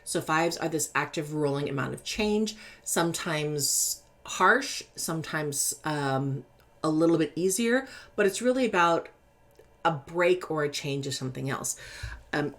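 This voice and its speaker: Chatty low-voiced Californian woman. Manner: lively, chatty, laughs easily, animated emphasis. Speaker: tarot reader. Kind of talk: casual tarot deck interview reading.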